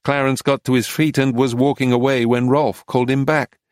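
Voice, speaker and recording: A man reading a memoir-style audiobook in scripted narration, even and understated. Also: medium pitch, moderate pace, no room sound, clean studio sound.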